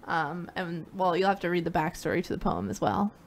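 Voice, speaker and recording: A woman's voice: fairly low pitch, fairly even intonation, a little fast, creaky, a little hiss or hum. Brief: young woman, stream co-host, chatty, lots of "like". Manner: chatty, uses "like" a lot, laughs easily. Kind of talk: casual chat.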